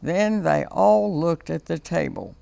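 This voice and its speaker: Slow, gravelly woman reading a storybook. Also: on the low side. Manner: slow, expressive, sing-song. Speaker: children's storyteller on local TV. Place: TV studio.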